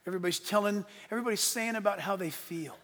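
A man's voice: high voice, rapid-fire, long reverb tail. Earnest older male pastor preaching. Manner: earnest storytelling, swinging from hushed to emphatic. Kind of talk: sermon.

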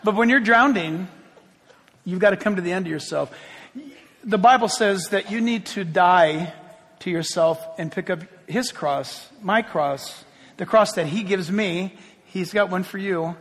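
High-voiced male pastor preaching in a reverberant hall. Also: unhurried. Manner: emphatic preaching, swinging from quiet to loud. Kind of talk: sermon.

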